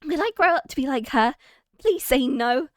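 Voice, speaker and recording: A woman voicing an excitable young female assistant with a British accent, bubbly and wide-eyed. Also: high-pitched, moderate pace, no room sound, studio quality, pitched above the performer's own voice. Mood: eager.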